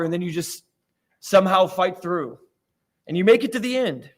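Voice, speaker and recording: A man from Florida preaching a sermon in a church, telling stories in a conversational, self-deprecating way. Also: on the high side. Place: church sanctuary.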